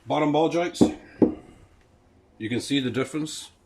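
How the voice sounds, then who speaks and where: Heavy background noise surrounds this man's fairly high voice as he talks at a normal speed. With a Scottish accent, he gives a casual tour of his classic car projects in the garage, spinning rambling stories along the way.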